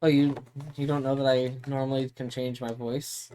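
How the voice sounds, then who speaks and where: A woman streamer in relaxed, casual chat who laughs often. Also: a bass voice, normal speed, a little hiss or hum.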